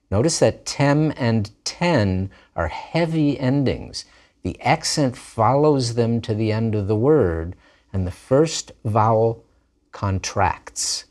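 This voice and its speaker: A man's voice: medium pitch, animated, takes it slowly, a little mellow. A man teaching a recorded grammar lesson, drilling forms patiently with repeated examples. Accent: Israeli Hebrew pronunciation of Hebrew words. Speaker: language teacher.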